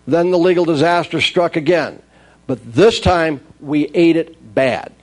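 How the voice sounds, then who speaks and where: A man telling wry, lively stories from his career in the toy business, acting out the dialogue as he goes. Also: fairly high pitch, a little slow. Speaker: speaker recounting his toy industry career. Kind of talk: anecdotal storytelling talk.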